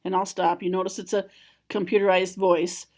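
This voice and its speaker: A woman calmly walking through a software tutorial step by step, as a school library trainer. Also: medium pitch, moderate pace. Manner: calm, step-by-step explaining. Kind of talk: screen-recorded software tutorial.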